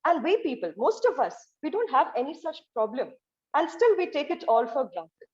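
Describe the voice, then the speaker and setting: A woman's voice: sits high, sing-song, normal speed, highs cut off. A woman giving a motivational speech as a guest speaker, earnest, with rhetorical questions and frequent "you know" fillers.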